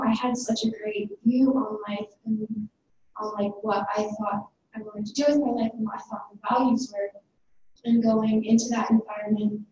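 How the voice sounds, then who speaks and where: A teenage girl talks on a panel in a chatty, rambling way, peppering her story with "like" and quick little asides. Her voice sits a bit high and comes from some distance, in a very echoey room with a faint hiss behind. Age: teens. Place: large room at an event.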